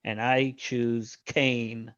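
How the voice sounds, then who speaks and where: Slow, methodical player explaining game rules, dull dry mic. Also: mid-range voice, level tone, no echo. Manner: measured, explains rules step by step. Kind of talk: casual game-table talk.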